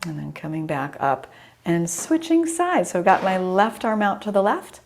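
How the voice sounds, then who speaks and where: A middle-aged woman teaching a chair yoga class over a video call, giving calm guiding cues and naming students as she goes, with a slightly scratchy voice. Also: mid-range voice, normal speed. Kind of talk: live online yoga class instruction.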